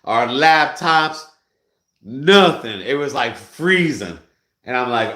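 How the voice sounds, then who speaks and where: A man with a bright, forward voice tells a story in a casual, animated way. He swears freely and keeps slipping into loud outbursts. The room has an echo. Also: mid-range voice, takes it slowly. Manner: animated, swearing, bursts into shouting and laughter while retelling. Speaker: vlogger.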